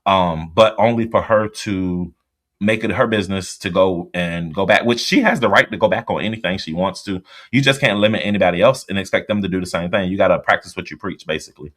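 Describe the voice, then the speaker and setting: Livestream host, very low voice, blunt and chatty as he answers the chat. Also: brisk, a bit bright. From US East Coast. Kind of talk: casual livestream chat reading viewer comments.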